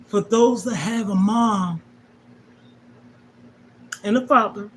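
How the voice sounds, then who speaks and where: A woman's voice: medium pitch, slow, long pauses, slight background noise. Emphatic middle-aged grandmother preaching to viewers. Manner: emphatic, preachy, repeats key points. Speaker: livestream host. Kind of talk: emotional personal talk to viewers.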